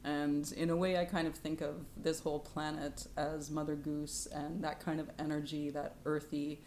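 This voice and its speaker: Low-voiced woman giving a tarot reading. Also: normal speed, slight background noise. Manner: soft-spoken, drifting into whispers; lively and laughing when telling stories. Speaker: tarot reader. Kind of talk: spiritual tarot reading vlog. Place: home in Canada.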